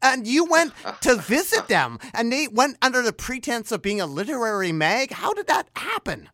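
A man's voice: extremely high pitch, sing-song, normal speed, bright, forceful tone. A man hosting an interview, asking eager, curious questions. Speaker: interviewer, host.

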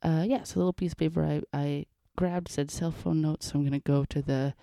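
Young female musician host, dark mellow tone, dry close sound, rambling and full of fillers. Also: low voice, fairly even intonation, brisk, creaky, no echo. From Canada's Northwest Territories. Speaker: musician hosting a show. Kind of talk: casual solo show talk.

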